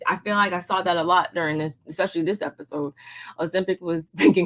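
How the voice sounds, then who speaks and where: A woman co-hosting a casual review chat, talking in rambling bursts and jumping to loud exclamations. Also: lowish voice, fairly even intonation, quick pace, a little hiss or hum. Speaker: podcast co-host reviewing a reality show.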